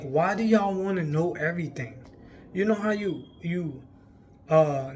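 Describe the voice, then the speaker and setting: Talking to camera about faith, this man gives casual spiritual encouragement to his viewers, earnestly pleading, saying things again and again, and breaking into frequent laughter. He's a faith vlogger whose voice runs on the high side, and a little hiss or hum can be heard.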